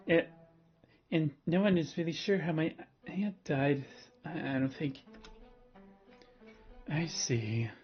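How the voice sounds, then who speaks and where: A man's voice: fairly high pitch, expressive, slow pace, long pauses, lo-fi sound, soft background music. A man streaming himself reading a visual novel aloud, with laid-back joking asides. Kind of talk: casual stream narration.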